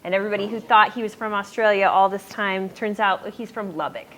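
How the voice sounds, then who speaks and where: A woman's voice: medium pitch, brisk, a bit bright, poor audio. Chatty young woman giving a youth talk. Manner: chatty, with frequent fillers and tangents. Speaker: youth speaker. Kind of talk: casual youth sermon. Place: youth group room.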